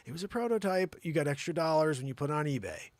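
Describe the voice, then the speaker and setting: A man's voice: fairly high pitch, lively intonation, fast, a little mellow, no echo. A man hosting a comedic monologue, rambling and teasing as he jokes. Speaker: host.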